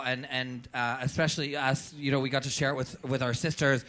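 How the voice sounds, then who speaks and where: Bright, emotional drag performer man. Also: medium pitch, level tone, fairly quick. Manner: emotional, swears often, repeats himself. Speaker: drag performer on a viewing-party panel. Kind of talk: casual chat.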